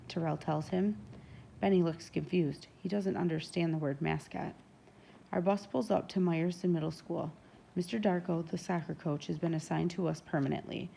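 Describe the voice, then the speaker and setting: A woman reading a first-person novel aloud in steady, even narration. Her voice is low with a gravelly edge. The tone is dark and mellow. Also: moderate pace, slight background noise. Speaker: audiobook narrator.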